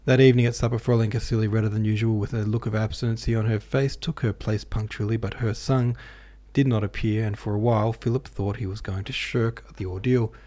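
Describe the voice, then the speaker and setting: A man reading a classic novel aloud as an audiobook narrator, with a measured, even delivery. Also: lowish voice. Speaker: podcast host and audiobook reader.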